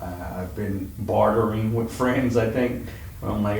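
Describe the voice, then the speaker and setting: A man's voice: lowish voice, unhurried, vocal fry, darkish tone. A man talking bluntly as a podcast guest, swearing freely in casual chat. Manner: blunt, swears, laughs often. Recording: roomy echo, mic at a distance, faint noise.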